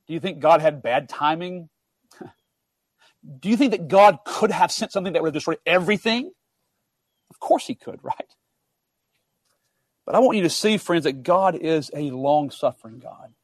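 Man, preacher, high-pitched, dry sound, emphatic sermon. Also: lively intonation, normal speed, long pauses, no room sound. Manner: earnest, emphatic, builds up and drops to quiet asides.

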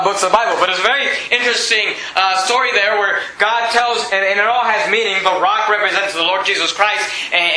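A man preaching a sermon, animated and rising to near shouts on key points, reading scripture in a lower, slower voice. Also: a little hiss or hum. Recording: echoey room with faint ambience.

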